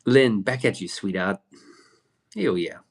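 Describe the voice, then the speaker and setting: A livestream host with a lowish voice talks at a measured pace. He chats casually, rambling and swearing as he answers comments from his viewers.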